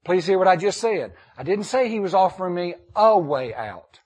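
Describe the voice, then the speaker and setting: A man preaching a sermon, reading scripture and repeating key lines emphatically with dramatic pauses. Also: high voice, big pitch swings, husky. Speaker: pastor.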